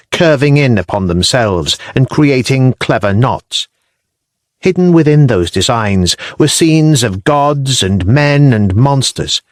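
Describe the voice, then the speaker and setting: A man reading a historical audiobook in measured, descriptive storytelling, recorded on a close studio mic. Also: medium pitch, dry recording. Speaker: audiobook narrator. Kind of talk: scripted narration.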